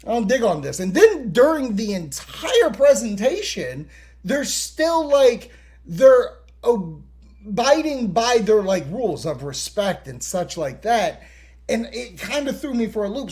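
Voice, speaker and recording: A man talks through a TV episode on his podcast, loose and profane, slipping into quick voices for the characters. His pitch swings widely as he gets worked up, and the whole thing has an easygoing, chatty feel. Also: very animated. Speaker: podcast host. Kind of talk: casual episode recap.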